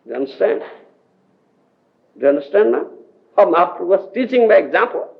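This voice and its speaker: Speaking briskly in a high-pitched voice with big pitch swings and vocal fry, an Odia-accented Indian spiritual teacher lectures devotees on scripture. He is emphatic, laughs frequently and keeps asking if they understand. The sound is a dull lo-fi 1980s tape.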